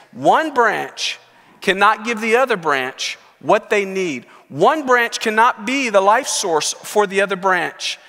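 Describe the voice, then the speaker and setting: A man preaching a lively sermon in a church, leading the congregation to say a verse with him. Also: high voice. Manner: animated preaching, leads congregation in call and response. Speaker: pastor. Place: church sanctuary. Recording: long reverb of a large hall.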